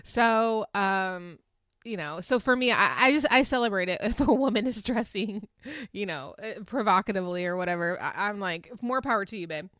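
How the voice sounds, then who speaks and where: A woman's voice: medium pitch, normal speed, a bit bright, no echo, clean studio sound. A woman past her twenties hosting a casual, chatty recap. She speaks frankly, swears freely and laughs often between fillers. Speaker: podcast host recapping a reality show.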